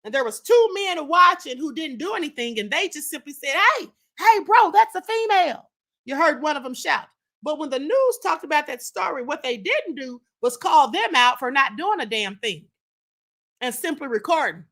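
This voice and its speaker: A woman hosting her own live-stream commentary, blunt and emphatic. Her voice sits high and swings widely in pitch, with a bright, cutting edge. She repeats lines for effect and talks straight to her viewers. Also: big pitch swings, normal speed. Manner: addresses the chat directly. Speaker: livestream show host.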